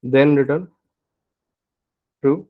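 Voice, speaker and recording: A man's voice: mid-range voice, drawn-out words, dry recording, narrow, tinny audio. A man teaching programming as he codes live, thinking aloud and often checking in with "right?". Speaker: programming instructor. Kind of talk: live coding tutorial.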